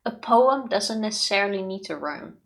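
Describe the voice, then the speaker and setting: A woman's voice: mid-range voice, animated, moderate pace, gravelly. A woman co-hosting a let's play, chatting casually, teasing her partner and laughing often. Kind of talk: casual gameplay banter.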